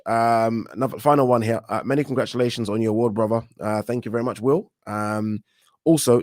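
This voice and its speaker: A man hosting a casual livestream, reading out viewer comments and giving animated, opinionated takes with frequent restarts. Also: fairly low pitch, no room sound, studio quality. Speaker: boxing channel host.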